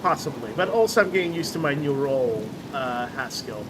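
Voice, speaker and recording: A man streaming a game, chatting casually and jokingly, often halting with fillers. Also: medium pitch, lively intonation, noisy background.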